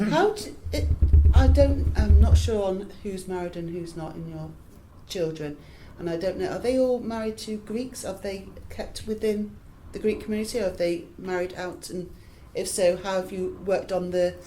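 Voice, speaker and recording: A woman interviewer asks long, encouraging questions in a chatty, meandering way. Her voice is fairly low and mellow. She sounds a little off-mic, with faint noise behind her. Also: steady tone, normal speed, hardly any pauses, poor audio. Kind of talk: oral history interview.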